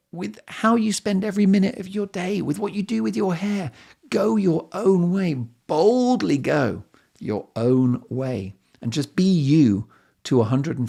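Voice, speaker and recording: Slightly lightheaded, a middle-aged podcast host talks on his own in a voice that's a little high, gravelly and mellow. His casual monologue is storytelling laced with self-mockery and playful side remarks.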